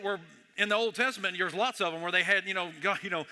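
A man preaching a sermon in a church, conversational and joking, swinging between hushed and loud. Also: high-pitched, steady tone, quick pace. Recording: echoey hall reverb.

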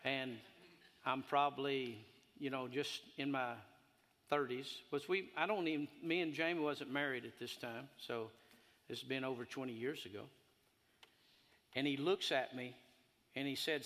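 A man in his fifties preaching a sermon, telling a personal story, then building fervently until he shouts. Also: medium pitch, normal speed. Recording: echoey hall.

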